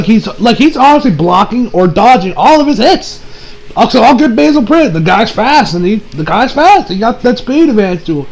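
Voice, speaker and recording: A man's voice: high-pitched, a little mellow, rough recording. A young man giving a casual, rambling anime episode review, with profanity and many restarts.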